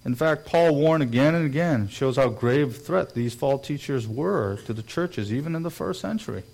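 A man's voice: medium pitch, lively intonation, moderate pace, gravelly, a little mellow. Earnest male preacher. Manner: earnest preaching, acts out quoted voices. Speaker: pastor. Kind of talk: sermon.

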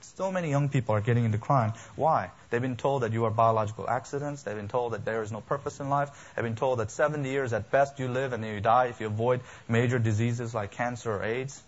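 A man's voice: medium pitch, quick pace, hardly any pauses. A man preaching a sermon as a pastor, emphatic and building, with lists and rhetorical questions. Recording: dull lo-fi sermon recording.

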